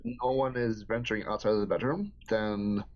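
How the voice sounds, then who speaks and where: Calm man running the game on a dull mic. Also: on the low side, a little fast. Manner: calm, asks players questions, narrates events plainly. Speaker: game master.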